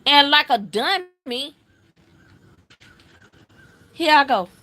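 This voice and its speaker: Bright-voiced chatty woman storyteller. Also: high voice, drawn-out words. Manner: animated, chatty, acts out family members' voices. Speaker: livestream host. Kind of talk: casual storytelling chat.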